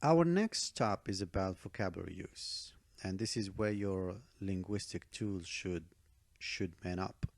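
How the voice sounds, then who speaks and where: Slow gravelly man teaching test tips. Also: low-pitched, no room sound. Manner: emphatic, checks in with "okay?" and "all right?"; repeats key advice for emphasis. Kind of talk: online speaking-test tutorial.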